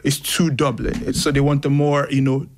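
A man's voice: on the high side, level tone, normal speed. A man from Nigeria, a poet and musician, answering interview questions casually, laughing often and filling his speech with "like". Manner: laughs often, says "like" a lot.

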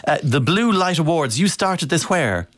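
Radio host, dry sound. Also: male voice, fairly high pitch, very animated, a bit bright, dry recording. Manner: conversational, brisk interviewer. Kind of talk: radio interview.

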